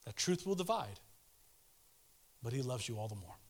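A man in his thirties giving a casual, earnest devotional sermon, pleading with listeners and swinging between fervent urgency and hushed tenderness. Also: medium pitch, sing-song, normal speed. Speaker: preacher.

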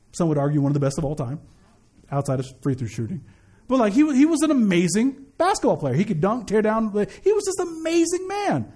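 A man's voice: sits high, dark tone. A man in his thirties preaching a sermon, mixing casual jokes and family stories with emphatic declarations. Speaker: pastor.

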